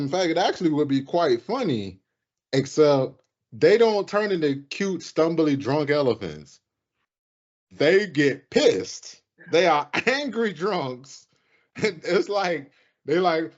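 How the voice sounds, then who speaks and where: A man co-hosting a casual sports podcast, animated and profane, often jumping into high mocking voices. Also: muffled recording. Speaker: podcast co-host.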